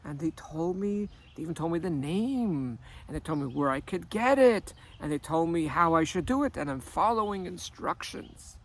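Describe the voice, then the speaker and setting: A man working as a life coach who tells a story in an animated way and acts out the dialogue. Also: a little high, normal speed, hardly any pauses. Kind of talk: storytelling monologue.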